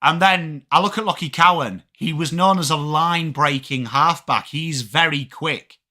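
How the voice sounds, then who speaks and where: A young English man hosting a live sports watchalong, talking fast and casually, swearing freely and answering chat by name. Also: a little high. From England. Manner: animated, swearing, reads chat names aloud. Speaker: livestream host.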